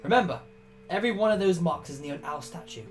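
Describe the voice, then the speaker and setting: A woman's voice: on the low side, expressive, quick pace, soft background music, close to an everyday voice. Woman putting on a prim British scholar. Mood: prim, eager. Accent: put-on British. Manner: theatrical, formal phrasing. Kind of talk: reading game dialogue aloud.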